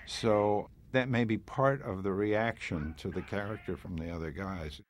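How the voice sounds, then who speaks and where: A man's voice: on the low side, a little slow. A male actor telling stories from a film shoot in an interview, acting out both sides of an argument. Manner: animated, acts out an argument. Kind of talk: interview anecdote.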